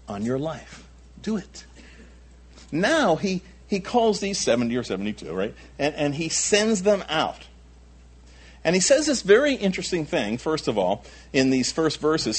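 Male pastor preaching, husky, swoops up and down a lot, keeps repeating stuff for emphasis. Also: a little high. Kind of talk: sermon.

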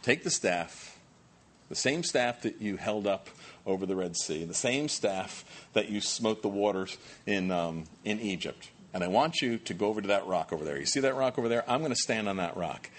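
A preacher voicing God, low and steady. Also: male voice, normal speed. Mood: calm instructing. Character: God, a calm commanding male deity.

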